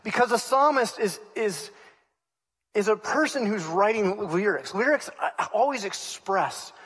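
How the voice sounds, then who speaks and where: A man with a high voice preaches a sermon in a church. He is earnest and often repeats himself. When he voices a prayer, he turns pleading. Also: expressive, a little slow, fairly bright tone, breathy edge, big-room sound. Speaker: pastor.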